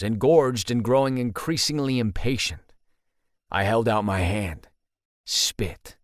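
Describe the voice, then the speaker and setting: Male audiobook narrator, mid-pitched, steady first-person read, dry booth sound. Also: no echo.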